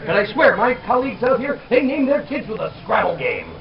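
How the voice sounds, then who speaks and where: A middle-aged man doing stand-up comedy for a festival crowd, animated and shouting out names. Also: very high voice, moderate pace, vocal fry, hardly any pauses, muffled recording. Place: outdoor festival stage. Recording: distant crowd-noise camera audio.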